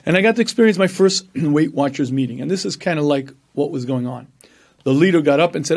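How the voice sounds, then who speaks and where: A man delivering a lively religious lecture with a slightly higher voice. He tells stories with animation, acts out the voices of the people in them, and clears his throat often between phrases. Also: fast talker. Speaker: rabbi and lecturer. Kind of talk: Torah lecture.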